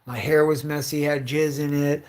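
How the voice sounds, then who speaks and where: A young man quoting a dazed young woman in a flat, slangy retelling, barely changing his own voice. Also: a little high, moderate pace, close to an everyday voice.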